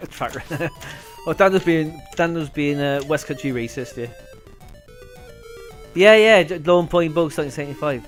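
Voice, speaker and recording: Bloke rambling on a game stream, bit high voice, stutters a lot, faint music behind. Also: male voice, moderate pace, low-quality recording. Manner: rambling, stuttering, laughs often. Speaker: co-host. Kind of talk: casual chat while gaming on stream.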